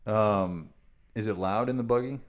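A man's voice: on the low side, normal speed. A man hosting a podcast, asking curious questions in a chatty way full of fillers. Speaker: podcast host. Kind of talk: casual interview chat.

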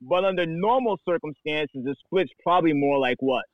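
A man's voice: fairly high pitch, expressive, normal speed, dry recording. Blunt, skeptical man, muffled audio. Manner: blunt, skeptical, pushes back. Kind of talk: casual podcast chat. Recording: slightly muffled, dull sound.

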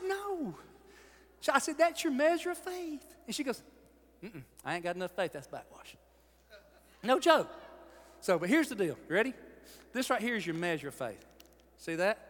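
A pastor preaching a sermon, animated, swinging between shouted lines and hushed ones. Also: male voice, high-pitched. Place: large church hall. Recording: long hall reverb.

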